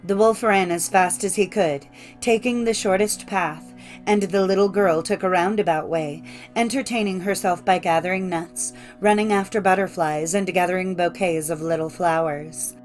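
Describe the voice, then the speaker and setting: A woman reading a classic fairy tale aloud in a measured, clear storytelling manner. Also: on the low side, fairly even intonation, soft background music. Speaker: audiobook narrator. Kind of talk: scripted storybook narration.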